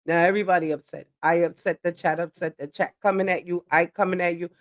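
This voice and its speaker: A woman's voice: lowish voice, fairly even intonation, quick pace, few pauses. A woman livestreaming a blunt, profane monologue that lectures her viewers. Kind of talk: ranting live-stream monologue.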